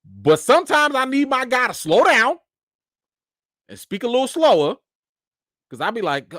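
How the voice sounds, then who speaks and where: A young man hosting a live chat show, animated commentary with mocking asides and rising near-shouts. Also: very high-pitched, moderate pace, pauses often, no room sound, clean studio sound. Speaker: show host.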